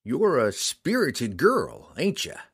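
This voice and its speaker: Audiobook villain: coarse, leering rough man with a slow, lively drawl, voiced by the narrator. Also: mid-range voice, exaggerated voice. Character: brutish, menacing rough man. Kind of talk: audiobook character voice.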